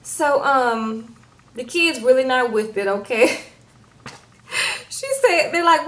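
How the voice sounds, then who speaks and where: A woman's voice: expressive, slow, long pauses, fairly bright tone, poor audio. A young woman vlogging at home, casually recapping a reality episode, full of fillers and acting out quotes. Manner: chatty, acts out quotes in higher voices, frequent fillers.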